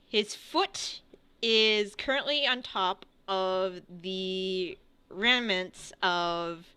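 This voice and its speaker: A woman's voice: mid-range voice, pushed and bright, clear, resonant tone. A young adult woman narrating a tabletop game as game master, hesitant and full of fillers. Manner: hesitant, many fillers and restarts.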